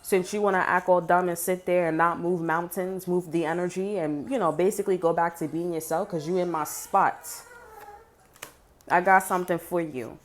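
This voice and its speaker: A woman's voice: lowish voice, steady tone, normal speed, soft background music. A woman giving a casual tarot reading, blunt and sassy, swearing freely and talking straight to the viewer. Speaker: tarot reader.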